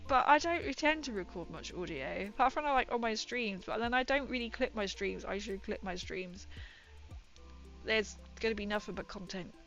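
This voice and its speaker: A woman's voice: medium pitch, animated, normal speed, fairly bright tone. A young woman chatting casually on her livestream, giggling often and dropping her consonants. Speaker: streamer. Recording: muffled stream audio with faint music.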